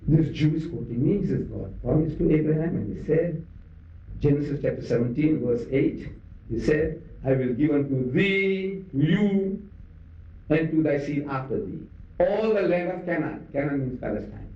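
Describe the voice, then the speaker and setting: An older man with a South African Indian English accent, giving a religious public lecture as animated storytelling, acting out dialogue and firing questions at his audience. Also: a little high, moderate pace, a little hiss or hum. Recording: dull, echoey hall recording from far off.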